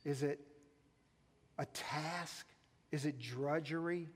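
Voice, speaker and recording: High-voiced man preaching in a hall. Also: takes it slowly. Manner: asks the listeners many rhetorical questions; swings between raised emphasis and soft, low asides. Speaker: pastor. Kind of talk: sermon. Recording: long reverb of a large hall.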